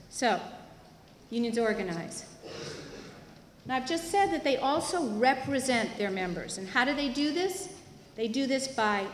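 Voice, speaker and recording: A woman lecturing at a teach-in, her voice sitting a little high for a woman. She explains things clearly and with emphasis, asking questions and answering them herself. The sound rings with long reverb from a big hall. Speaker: university labor educator. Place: large hall at a university student union. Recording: echoey hall, faint room noise.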